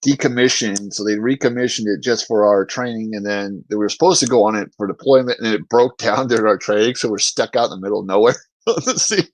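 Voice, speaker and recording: Low-voiced man telling rowdy stories. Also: fast talker, no room sound, low-quality recording. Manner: profane, laughs through his stories. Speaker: podcast host, former Marine infantryman. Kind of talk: casual storytelling chat.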